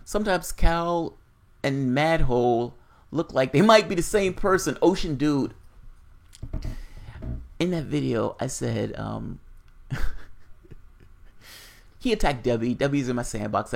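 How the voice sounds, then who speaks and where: A man's voice: mid-range voice, animated, unhurried, vocal fry, long pauses. A man hosting casual political commentary on a livestream, reading viewer chat aloud and answering in a blunt, profane, rambling way.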